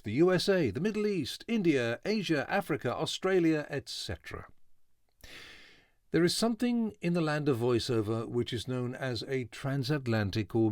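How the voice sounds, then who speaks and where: A voice artist with a neutral British English accent delivering a scripted spoken essay in a clear, well-enunciated, dry and wry way. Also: male voice, fairly low pitch, a little mellow, no echo. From England.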